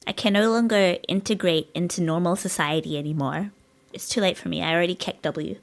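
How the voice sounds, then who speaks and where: A woman's voice: lowish voice, fairly quick, vocal fry. A woman streaming live, rambling in casual chat with her viewers and giggling often, her voice a bit strained. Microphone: dynamic studio mic.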